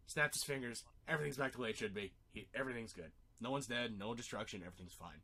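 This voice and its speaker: A man in casual chat, excitedly retelling a film idea and acting out the characters as he goes. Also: mid-range voice, fast talker, hardly any pauses, a little hiss or hum. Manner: animated, acts out voices while retelling a story, laughs often. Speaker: co-host pitching a film rewrite.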